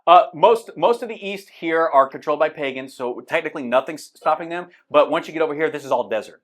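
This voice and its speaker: A fast-talking man with a slightly high voice leads a casual Bible class in a church classroom. Speaking conversationally and off the cuff with lots of fillers, he explains things by pointing them out on a map.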